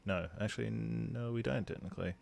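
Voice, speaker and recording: Australian man, gravelly low voice, chatty game streamer, casual commentary. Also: steady tone, a little fast, darkish tone, a little hiss or hum. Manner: chatty, thanks viewers as he plays.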